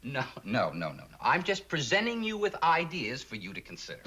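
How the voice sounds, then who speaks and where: An actor playing a gentle, patient man who gives his girlfriend calm advice in a 1960s sitcom. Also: medium pitch, fairly quick, low-quality recording. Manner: gentle, patient, calls her honey.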